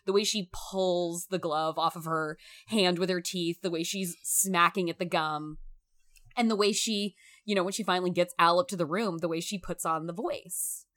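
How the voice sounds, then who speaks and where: A woman talking through a film in a casual, emphatic discussion, animated and swearing freely. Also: lowish voice, moderate pace.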